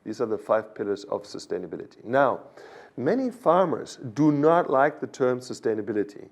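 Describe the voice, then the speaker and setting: Speaking at a moderate pace, this German-accented man has a gravelly, sing-song voice of medium pitch. As a guest animal science expert in a podcast interview, he lectures through the topic and keeps asking "okay?".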